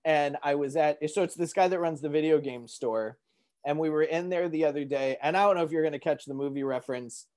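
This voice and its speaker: A man's voice: on the high side, fairly quick. A man hosting a podcast in casual chat, telling stories and acting out movie quotes with lots of energy. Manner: animated storyteller, acts out movie quotes.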